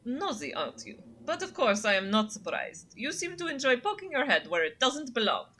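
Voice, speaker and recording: Sneering female cat, voiced by a woman, mock French accent, cold, lively pitch, bright tone. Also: moderate pace, full character voice. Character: haughty, disdainful female cat, hostile and bitey.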